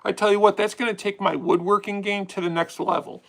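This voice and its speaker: A man's voice: sits high, steady tone, fairly quick, vocal fry, low-quality recording. A young man hosting a casual live stream, chatty and swearing freely as he answers viewer questions. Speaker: livestream host.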